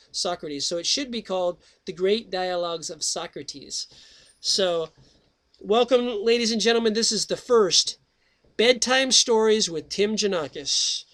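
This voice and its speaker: A middle-aged man hosts his own radio show, his high-pitched voice pushed and bright. He chats and jokes, hopping between topics in a rambling monologue before reading a book aloud.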